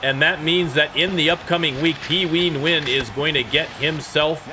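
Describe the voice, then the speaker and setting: A man calling wrestling play-by-play and hosting the show, rattling off moves and rising to shouts on big hits. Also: a little high, normal speed, crowd noise. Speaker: play-by-play commentator and show host.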